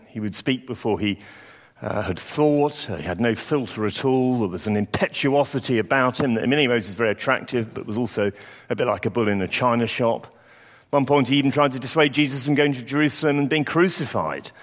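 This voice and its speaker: Male preacher, mid pitch, storytelling sermon, long church reverb. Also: brisk. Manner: reflective, storytelling delivery with acted quotes.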